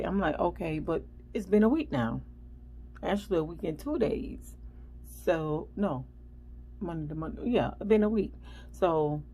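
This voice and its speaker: A woman's voice: deep voice, rough recording. A woman vlogger chatting casually and animatedly as she tells a story. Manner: chatty, animated, acts out the people in her story.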